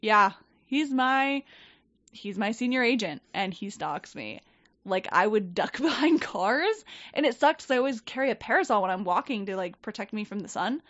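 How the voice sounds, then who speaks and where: Woman, casual storytelling, animated, swears a lot, dry close sound, slightly muffled. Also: mid-range voice, moderate pace, no room sound. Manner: animated, profane, quotes people in lively voices. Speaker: podcast guest. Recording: dull, dry podcast mic.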